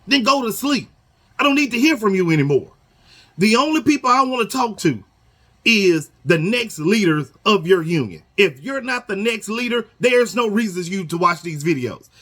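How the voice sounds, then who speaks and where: A man with a high, bright voice that swings widely in pitch, talking straight to camera for union members. He is emphatic and repetitive, hammering each point and checking in with a questioning "okay?" as he goes. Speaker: union organizer addressing members. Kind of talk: casual talking-head video lesson. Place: Houston area.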